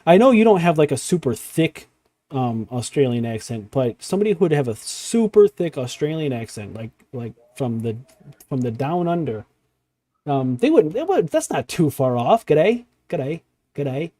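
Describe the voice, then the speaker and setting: A man's voice: a little high, very animated, moderate pace, mellow. A man hosting a casual chat, reacting to a video, rambling with many fillers and restarts. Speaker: podcast host.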